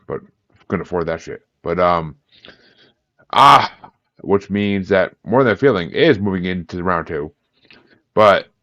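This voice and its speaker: A man's voice: on the low side, fairly bright tone. A man hosting a casual podcast chat, rambling and swearing as he jokes around. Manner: rambling and profane, joking around. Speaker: podcast host.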